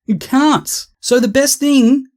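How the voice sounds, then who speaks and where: A man's voice: very high-pitched, takes it slowly, darkish tone. A man commenting on a video clip in a sarcastic, mocking, heavily profane way.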